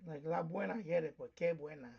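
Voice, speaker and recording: Gravelly high-voiced New man. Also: fast, warm tone, highs cut off. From New York, USA. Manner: rambling, explains things with many fillers. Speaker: shortwave radio live stream host. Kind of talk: casual live stream chat.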